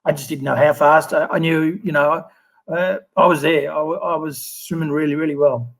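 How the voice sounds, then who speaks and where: A man in his fifties with an Australian accent, telling stories in a relaxed interview with lots of fillers and restarts. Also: a little high, moderate pace, creaky, low-quality recording. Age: 50s. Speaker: guest, former Olympic swimmer. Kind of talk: casual interview storytelling.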